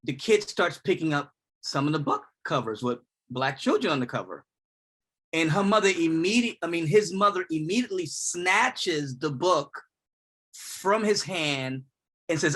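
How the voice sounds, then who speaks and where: A man's voice: a little high, normal speed, fairly bright tone. A man author on a panel speaking earnestly and conversationally, with many fillers. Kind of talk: panel discussion.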